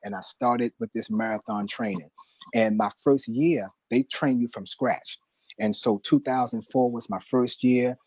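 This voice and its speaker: A man's voice: mid-range voice, unhurried, a little mellow, no echo, poor audio. A middle-aged man telling a personal testimony in an emphatic, preacher-like way, often calling the host brother. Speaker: guest, newspaper manager.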